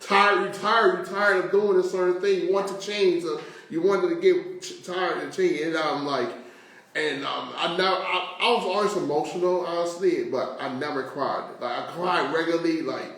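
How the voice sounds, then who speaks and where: A man's voice: fairly high pitch, normal speed, a bit bright. A man hosting an interview show, emotional and rambling, with many fillers and restarts. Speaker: show host. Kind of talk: casual interview chat. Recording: very echoey room, voice far from mic.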